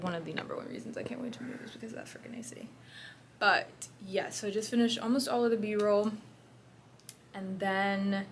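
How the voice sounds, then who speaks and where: A young woman in her twenties talking casually to the camera at home, rambling and laughing often. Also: medium pitch. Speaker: vlogger. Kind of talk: casual vlog chat. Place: home, indoors. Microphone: phone or camera held close. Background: air conditioner hum.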